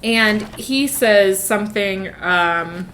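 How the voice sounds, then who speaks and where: A woman co-hosting a podcast, recapping a book in casual chat, jumping into quick voiced lines for the characters, swearing and laughing as she goes. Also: medium pitch, a bit bright, slight background noise. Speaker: podcast co-host.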